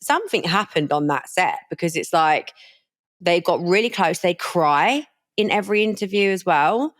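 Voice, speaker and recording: A woman's voice: lowish voice, expressive, normal speed, no echo, clean studio sound. A young woman, co-hosting a podcast in casual, giggly chat full of "like". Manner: chatty, giggly, lots of "like". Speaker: podcast co-host.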